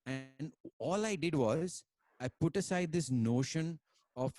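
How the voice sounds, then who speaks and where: A musician guest from India, this man has an expressive, unhurried voice that sits on the high side with a darkish tone. He converses and tells stories casually over a video call, full of fillers and scattered Hindi words.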